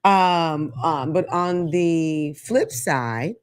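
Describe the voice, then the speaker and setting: A woman's voice: low-pitched, extremely slow, smooth. A woman hosting a call-in talk show, talking frankly and sassily, laughing at her own jokes. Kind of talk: live call-in show monologue.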